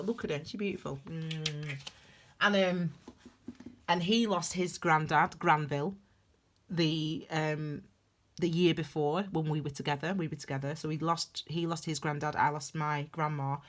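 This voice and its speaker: A woman's voice: low voice, a bit bright. A young woman giving a tarot reading in a rambling, heartfelt, confessional way. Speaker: tarot reader. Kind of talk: casual tarot reading monologue.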